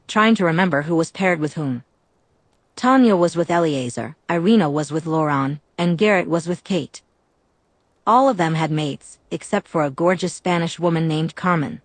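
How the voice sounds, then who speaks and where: A woman narrating a fanfiction audiobook in a steady, even reading. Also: deep voice, normal speed, dry recording.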